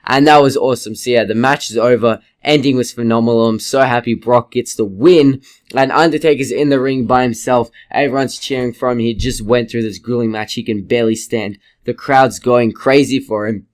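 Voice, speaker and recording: A man giving a casual, rambling video review, excitable and swearing freely. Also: medium pitch, brisk. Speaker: wrestling reviewer.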